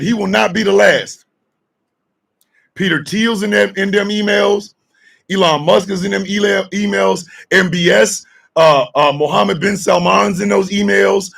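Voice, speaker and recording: A man hosting a radio show, shouting and mocking in loud comedic commentary. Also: sits high, vocal fry, husky. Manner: shouting, mocking, excitable riffing.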